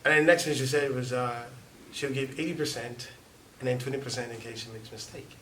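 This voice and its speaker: A man's voice: mid-range voice, a little fast, bright, forceful tone. A man telling his own story to a church audience in a chatty way, with frequent laughs and lots of "you know.". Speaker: church member giving a testimony. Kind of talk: casual storytelling before an audience. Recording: echoey hall, distant mic, audience noise.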